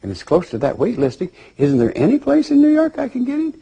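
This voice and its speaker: A man's voice: huge pitch swings, fast talker, creaky, warm tone, breathy edge, exaggerated voice. A man voicing an eager, naive soul about to be born, in a pleading, raised voice. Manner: eager, pleading, high-pitched.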